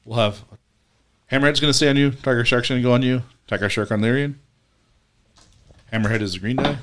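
Man, game master, relaxed narration, mid-pitched voice. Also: fairly quick, a little hiss or hum.

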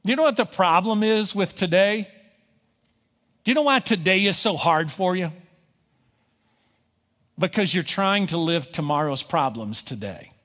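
A man's voice: high-pitched, lively intonation, unhurried, pauses often, a bit bright, long reverb tail. A pastor preaching a conversational sermon, voicing his listeners' objections and answering them.

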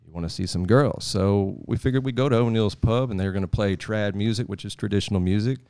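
A man's voice: on the low side, fast talker, darkish tone, clear, resonant tone. A man from Texas, telling a rambling, folksy travel story as a podcast guest. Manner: rambling, folksy, chuckling asides. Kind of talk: casual storytelling.

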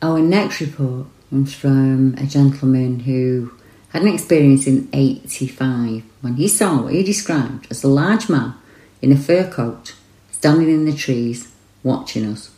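A woman tells the reports in calm, measured scripted narration. Her voice is exceptionally low and dark. The recording has a roomy echo to it.

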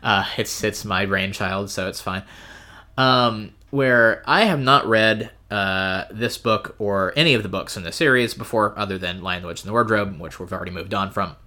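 A man's voice: on the low side, moderate pace, bright, forceful tone. A man co-hosting a podcast in casual chat, easygoing, laughing often and hesitating with ums. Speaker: podcast co-host.

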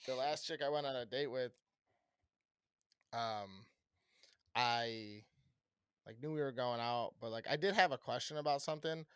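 A man's voice: mid-range voice, unhurried, pauses often, clear, resonant tone, no echo. A young American man co-hosting a podcast, telling loose, profane stories in casual chat on a close mic. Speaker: podcast co-host.

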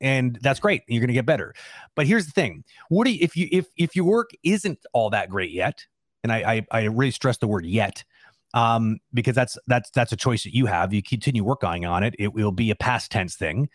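A man talks fast and emphatically into a close, dry mic, co-hosting a casual advice show. He keeps asking rhetorical questions as he encourages listeners. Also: medium pitch, no room sound. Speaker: co-host of an animation Q&A show.

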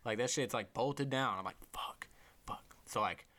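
A man's voice: mid-range voice, brisk, fairly bright tone. A man hosting a casual chat, telling stories animatedly, swearing freely and acting out other people's voices. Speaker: host.

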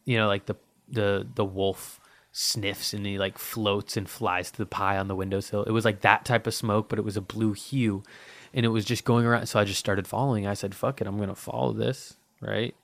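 A man's voice: fairly low pitch, level tone, moderate pace, a bit bright, dry recording. A man hosting a podcast in a casual, rambling monologue, swearing often and dry-mouthed from thirst. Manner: profane, rambling, heavy with fillers. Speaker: podcast host.

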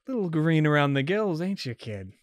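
A man's voice: a little high, sing-song, normal speed, dry recording, pitched above the performer's own voice. A man voicing a menacing woman vampire gang leader who talks in a taunting, mock-sweet way. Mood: teasing.

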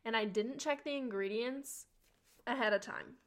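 Chatty young woman podcaster, slangy and animated. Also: normal speed, a little hiss or hum. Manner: chatty and animated, slangy, swears, acts out quotes with big pitch jumps. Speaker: podcast host. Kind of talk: casual storytelling monologue.

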